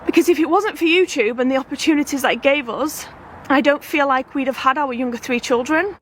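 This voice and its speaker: A woman's voice: sits high, a little fast, slight background noise. A woman with a British accent, a family vlogger chatting to her camera in a gushing, emotional, rambling way. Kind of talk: casual vlog chat.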